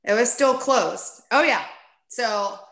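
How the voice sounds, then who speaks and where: A woman guest on a podcast, candidly telling a personal story in a casual, animated way and acting out what people said. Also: fairly high pitch, slow pace, roomy sound. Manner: candid, animated, acts out quoted speech.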